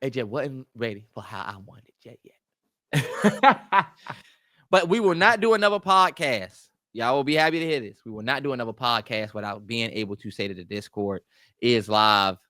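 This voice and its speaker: A man's voice: medium pitch, expressive, bright, forceful tone, no echo. Dry, slangy man co-hosting a podcast. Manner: joking, slangy, quick to tease. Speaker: podcast co-host. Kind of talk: casual podcast banter.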